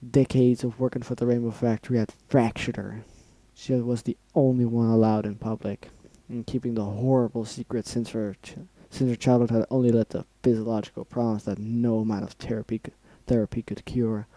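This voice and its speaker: Dark-voiced man reading a story aloud. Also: mid-range voice, flat delivery, brisk, no room sound, poor audio. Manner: reads aloud, breaks off to react emotionally and swear. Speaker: reader of fan fiction. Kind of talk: dramatic reading with asides.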